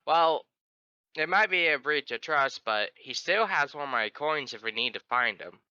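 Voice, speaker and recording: A man's voice: on the high side, animated, moderate pace, pushed and bright, clean tone, no echo. Man doing a matter-of-fact spellcaster, dull mic.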